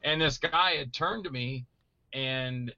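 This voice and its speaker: A middle-aged man telling stories in casual chat, animated and acting out voices he quotes. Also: mid-range voice, slow, dry recording, lo-fi sound. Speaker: guest actor telling stories.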